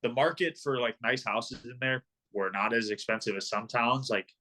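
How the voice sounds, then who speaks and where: Young guy hockey player chatting on a podcast, bright voice, lots of uh and like. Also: mid-range voice, normal speed. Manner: rambling, filler-heavy storytelling. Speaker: guest, professional hockey player. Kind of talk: casual podcast interview.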